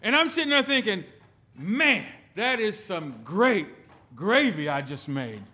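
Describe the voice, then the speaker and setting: Bright-voiced pastor preaching slowly. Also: male voice, high-pitched, very animated. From lived in the United Kingdom. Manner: storytelling with sudden loud and soft swings. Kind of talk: sermon.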